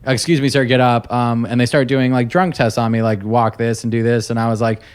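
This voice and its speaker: A man at an ordinary pitch works through a rambling story on a podcast. He trips over his words and laughs his way along, never hurried. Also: level tone, darkish tone, clean tone. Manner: rambling, laughing, full of restarts. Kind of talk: casual storytelling chat.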